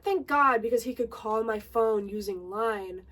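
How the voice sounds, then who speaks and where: A woman's voice: a little high, a little slow, far from the mic. Chatty young woman telling a story. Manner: animated, chatty, many "like"s. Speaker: vlogger. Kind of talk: casual storytime while getting ready.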